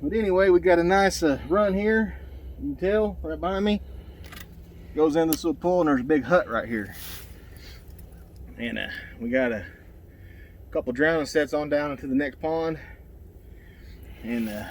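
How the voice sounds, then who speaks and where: A man's voice: on the high side, normal speed, long pauses, a little hiss or hum. A man, narrating his trapline outdoors in a folksy, rambling way with lots of fillers, somewhat out of breath. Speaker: trapper. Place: outdoors by ponds.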